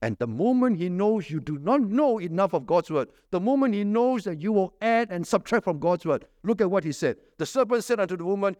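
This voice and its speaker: A man preaching a sermon, emphatic, with rhetorical questions and sharp swings between raised stresses and low dropped endings. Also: sing-song, normal speed, hardly any pauses, no room sound, clean studio sound.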